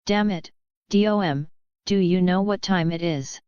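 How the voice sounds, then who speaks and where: A laid-back, smooth-talking male mechanic, read by a woman in an audiobook. His voice is dry and unflappable, lowish and very clear. The recording is dead dry and dull. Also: unhurried, a little mellow, no room sound, lightly acted.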